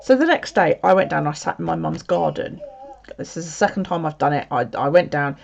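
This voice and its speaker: A woman with a low, brisk, creaky voice chats casually on a livestream from home, telling a story packed with swearing. The lo-fi audio sounds slightly dull.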